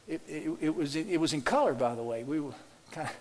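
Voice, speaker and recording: A man's voice: on the high side, a little fast, noisy background. A male pastor preaching a sermon to his congregation, folksy and repetitive, talking straight to the pews. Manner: folksy, repeats words, addresses congregation directly. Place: church. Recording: long hall reverb.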